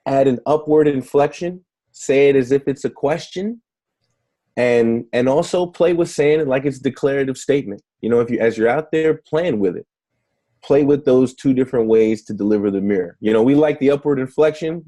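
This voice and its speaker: A young man with a mellow, warm tone, chatting through an interview. He tells stories loosely, with many restarts and fillers. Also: medium pitch. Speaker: negotiation trainer, guest. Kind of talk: casual interview storytelling.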